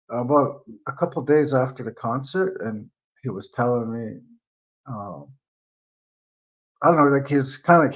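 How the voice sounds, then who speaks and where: A man's voice: mid-range voice, highs cut off. A man telling a rambling personal story on his channel, swearing freely and leaning on fillers. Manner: rambling, profane, lots of fillers. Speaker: vlogger. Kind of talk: casual storytelling.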